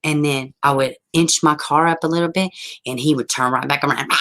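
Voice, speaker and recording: A woman hosting a casual livestream, telling a story in a lively, profane way with a lot of laughing, and answering viewer comments as she goes. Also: low-pitched, brisk, rough recording. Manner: animated, profane, laughing often. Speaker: livestream host.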